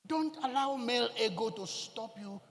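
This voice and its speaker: A man preaching a sermon, telling a personal story with emotional, emphatic delivery and loud bursts of exclamation. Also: very high-pitched, moderate pace, long reverb tail. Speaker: pastor.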